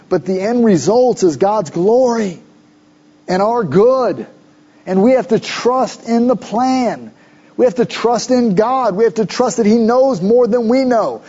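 A middle-aged man preaching a sermon as pastor, conversational and animated, with asides to the congregation. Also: sits high, highs cut off.

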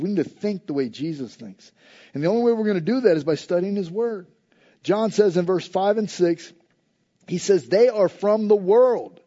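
High-voiced man preaching a sermon. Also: highs cut off. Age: adult with a school-age son. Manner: conversational preaching, shifting between loud emphasis and soft low asides. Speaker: pastor.

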